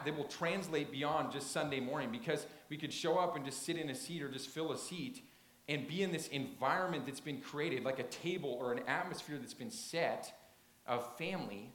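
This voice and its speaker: In a church sanctuary, a man preaches a sermon, retelling a story with earnest emphasis and frequent restarts. His medium-pitched voice is a bit bright, and the recording carries a roomy echo.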